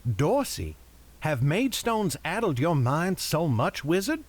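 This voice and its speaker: A man's voice: on the high side, very animated, takes it slowly, full character voice. A man doing a scoffing young villager. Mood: scornful.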